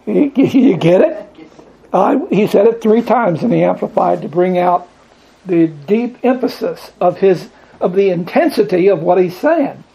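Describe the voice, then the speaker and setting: A man's voice: high-pitched, lively intonation, a little slow, gravelly, dark tone, rough recording. A man teaching from the Bible to a small group, reading scripture aloud, asking questions and building emphasis on repeated lines. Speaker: preacher.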